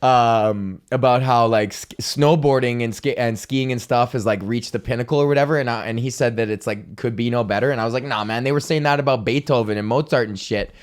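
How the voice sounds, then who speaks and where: A man's voice: mid-range voice, a little fast, hardly any pauses, clear, resonant tone. A young man hosting his own comedy podcast, ranting casually, swearing a lot and laughing at his own jokes. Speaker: podcast host.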